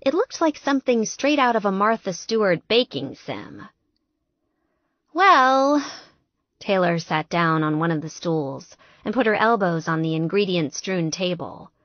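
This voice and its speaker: Lively woman narrating an audiobook. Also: fairly low pitch, moderate pace, few pauses, no room sound, dull audio. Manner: lively, expressive storytelling.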